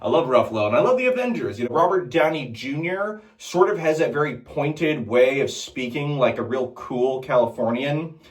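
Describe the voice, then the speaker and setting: A man's voice: mid-range voice, expressive, moderate pace, hardly any pauses. A man hosting his channel, chatting casually with rambling asides between his impressions.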